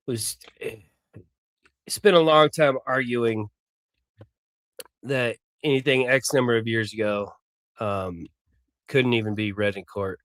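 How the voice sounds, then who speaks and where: A man's voice: mid-range voice, a bit bright, no room sound. Brief: male commentator, casual, mocking asides, dry room.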